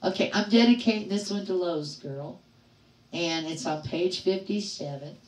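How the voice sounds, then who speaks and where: A middle-aged woman hosting a livestream, telling a story to her chat in a lively way, acting out the voices she quotes and laughing often. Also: on the low side, normal speed, echoey room, far from the mic, poor audio. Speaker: livestream host. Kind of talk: casual storytelling to live chat.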